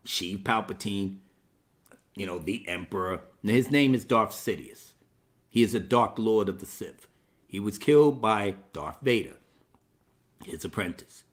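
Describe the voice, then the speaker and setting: Guy ranting bout a movie, swears a ton, high bright voice, swings all over. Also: measured pace, pauses often. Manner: animated, profane, laughs a lot. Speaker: movie reviewer. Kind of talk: casual spoiler movie review rant.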